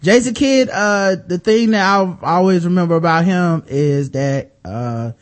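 A man's voice: high-pitched, a little slow. A man co-hosting a casual sports podcast, cracking profane jokes and laughing as he talks. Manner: joking, laughs through his lines, profane. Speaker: podcast co-host.

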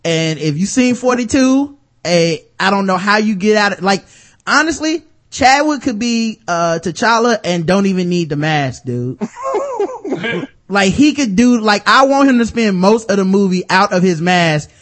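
A man in casual podcast chat, animated and profane, laughing often. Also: sits high, a little slow. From United States. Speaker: podcast co-host.

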